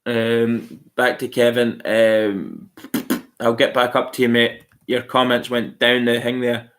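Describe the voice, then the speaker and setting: Male stream host, casual and blunt, swears a lot, addresses viewers as "mate," bright, sharp-edged voice. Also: mid-range voice, level tone, slow pace. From outside Australia. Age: adult, married. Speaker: channel host answering viewer comments. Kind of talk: casual live-stream chat.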